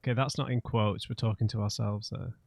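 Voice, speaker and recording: A man's voice: lowish voice, steady tone, a little fast, creaky, a little mellow, no room sound. A man narrating his own playthrough in a dry, close recording, reading dialogue options aloud as he goes. He fumes and grumbles about his failed choices, with no room sound around him. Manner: reads choices aloud, frustrated and exasperated. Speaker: let's play host. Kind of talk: gameplay commentary.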